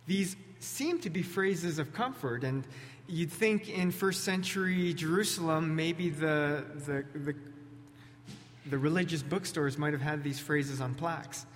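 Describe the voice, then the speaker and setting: A male pastor delivers a sermon into a pulpit microphone, sounding relaxed and conversational and slipping in small jokes and restarts. His voice sits a little high for a man. A long reverb from the large church sanctuary trails each phrase. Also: unhurried.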